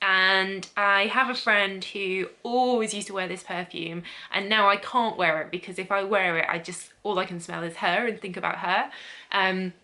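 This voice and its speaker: Young woman, beauty vlogger, bright, chatty review delivery with easy ums. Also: medium pitch, steady tone, moderate pace. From England. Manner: chatty, descriptive, frequent ums. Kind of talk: casual product review.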